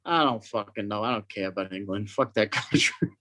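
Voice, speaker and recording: A man's voice: lowish voice, a little fast, pushed and bright, no room sound. A man guesting on a podcast, swearing freely and poking fun at himself with frequent laughs. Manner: profane, self-mocking, laughs often. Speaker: guest comedian. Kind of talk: casual chat.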